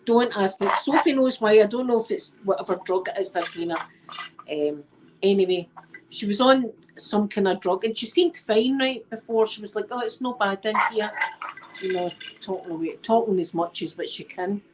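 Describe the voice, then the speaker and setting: A Scottish woman with a medium-pitched voice talks at normal speed over a noisy background. She's livestreaming from home on her phone, chatting casually with viewers, rambling and repeating herself.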